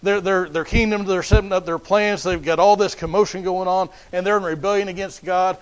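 Man, high voice, sermon, emphatic, repeats and restarts phrases. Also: normal speed, poor audio. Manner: emphatic and repetitive, with frequent restarts. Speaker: preacher.

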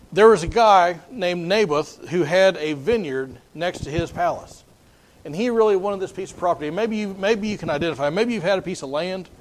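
A male preacher giving a sermon in a folksy, conversational storytelling manner, often restarting his phrases. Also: high-pitched.

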